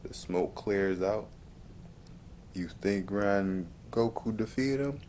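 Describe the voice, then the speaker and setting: Deep-voiced man retelling a movie. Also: takes it slowly, a little hiss or hum. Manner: animated retelling with sudden high-pitched outbursts. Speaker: movie reviewer. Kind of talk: casual movie review vlog.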